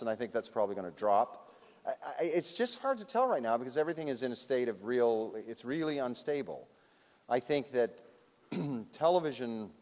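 Guy on stage, laughs a lot while telling a wild story, sounds big and echoey like an auditorium. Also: mid-range voice. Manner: animated, laughs often, acts out other people's lines. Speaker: award recipient speaking on stage. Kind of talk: anecdotal storytelling at a public talk. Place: large auditorium. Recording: long hall reverb.

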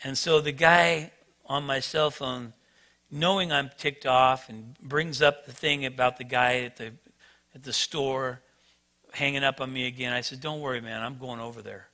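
Animated, bright-voiced male pastor. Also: medium pitch, unhurried. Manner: animated, self-mocking storyteller. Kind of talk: sermon storytelling.

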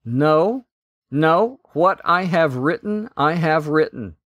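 A man's voice: fairly high pitch, lively intonation, slow pace, a bit bright, dry recording, clean studio sound, voice pushed up. A man voicing stern Roman governor Pilate. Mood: firm.

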